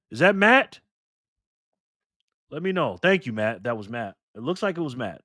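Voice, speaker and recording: A man's voice: a little high, very animated, normal speed, a bit bright, no echo, clean studio sound. A man hosting a casual livestream, talking in a slangy, playful way and thanking viewers by name. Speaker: livestream host reading donations.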